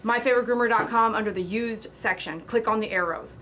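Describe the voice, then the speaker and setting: A woman pet groomer hosting a casual livestream, talking loud and chattily to her viewers and pitching a sale. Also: fairly quick, slight background noise. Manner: loud, talkative.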